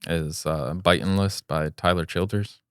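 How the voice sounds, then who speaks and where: Brief: young male podcast co-host, deep smooth voice, deadpan reader with crude asides. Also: unhurried, dry recording, clean studio sound. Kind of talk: reading listener posts and joking.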